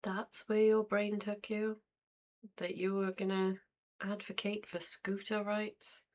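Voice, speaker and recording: A woman hosting a reaction video, commenting on clips in an unhurried, dry way and thinking aloud. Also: medium pitch, flat delivery. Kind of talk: casual commentary over clips.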